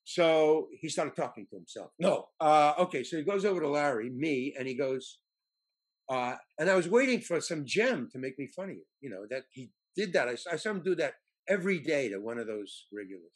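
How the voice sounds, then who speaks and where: Older male actor guest, storytelling, halting with restarts, slightly high voice. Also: lively intonation, breathy edge. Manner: halting, many fillers and restarts. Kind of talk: anecdotal storytelling.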